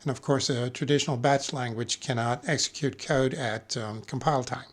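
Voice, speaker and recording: A man giving a technical lecture as a conference speaker, measured and careful, pausing often with fillers and correcting himself mid-word. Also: mid-range voice, fairly even intonation. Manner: measured, with frequent filler pauses and self-corrections.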